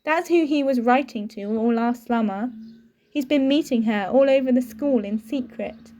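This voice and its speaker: A woman's voice: high voice, normal speed, warm tone, slight background noise, natural voice. Woman reading as a giggly young girl witch. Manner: chatty, giggly.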